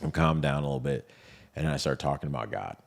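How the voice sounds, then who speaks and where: A man's voice: extremely low pitch, quick pace, creaky. A man in a casual interview, telling his story animatedly and acting out what others said. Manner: animated, retells scenes with quoted voices. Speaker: interview guest.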